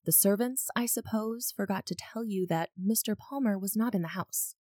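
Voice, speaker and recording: A woman's voice: medium pitch, normal speed, warm tone, dry recording, studio quality, close to an everyday voice. A woman reading aloud the lines of a composed young lady from a period novel, firm and cool in her refusals.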